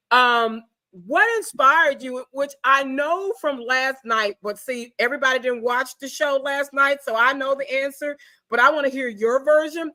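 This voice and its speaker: Bright, high-voiced woman host. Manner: chatty, effusive, says y'all. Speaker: talk show host. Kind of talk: casual interview.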